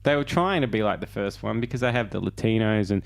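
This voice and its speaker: A man with an Australian accent, a podcast co-host chatting in a relaxed, hesitant way with frequent ums. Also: fairly low pitch, quick pace, vocal fry. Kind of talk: casual chat.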